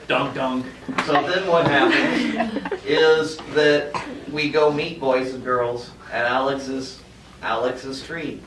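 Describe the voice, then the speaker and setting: A man teaching a class in a playful, animated way and joking with his students. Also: mid-range voice, slow pace. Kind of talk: classroom lecture. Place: school classroom. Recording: echoey classroom, mic far off, noisy.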